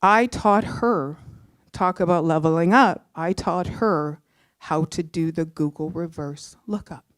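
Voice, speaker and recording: A middle-aged woman from Canada telling a personal story live on stage, heartfelt and animated, acting out the voices she quotes. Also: sits low, a little slow, no echo, clean studio sound. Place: theatre stage.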